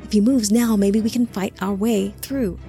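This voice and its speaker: A woman's voice: mid-range voice, fairly even intonation, moderate pace, creaky, dark tone, soft background music, lightly acted. A woman voicing a young male angelic warrior who whispers urgent pleas.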